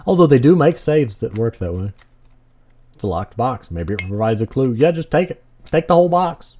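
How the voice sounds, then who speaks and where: A man's voice: mid-range voice, sing-song, moderate pace, a little mellow, slight background noise. A man hosting a let's play, reading game text and making wry, joking asides.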